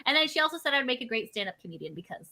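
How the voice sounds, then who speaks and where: A woman co-hosts a casual podcast chat with a high, sharp, very bright voice. Her pitch leaps up and down as she launches into rambling, profane stories. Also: rapid-fire. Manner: rambling, profane, animated storytelling. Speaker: podcast co-host.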